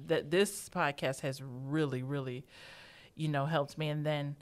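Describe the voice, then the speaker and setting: A woman guest talks eagerly on a podcast, piling up examples and laughing at herself. Her voice sits low for a woman. She is close on a studio podcast mic. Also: steady tone, measured pace. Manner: enthusiastic, rambling lists, self-mocking laughs. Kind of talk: casual interview chat. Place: in person, same room as host. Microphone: studio podcast microphone.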